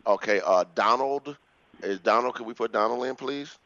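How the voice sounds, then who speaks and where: A man's voice: mid-range voice, normal speed, creaky, pushed and bright. A man hosting a call-in radio show, thanking callers and bringing on the next one with fillers. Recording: dull lo-fi radio sound.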